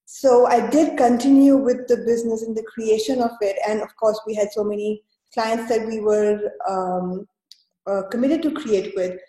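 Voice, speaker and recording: A woman guest recounts her story in a relaxed, mellow voice that sits a little high. She talks in halting runs with many fillers and restarts. The room around her sounds echoey. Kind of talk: conversational storytelling.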